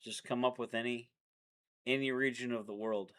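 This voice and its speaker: A man's voice: medium pitch, fairly even intonation, moderate pace, fairly bright tone. A man hosting a casual livestream, trading playful banter. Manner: playful, challenge-style banter. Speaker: livestream host. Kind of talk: casual chat.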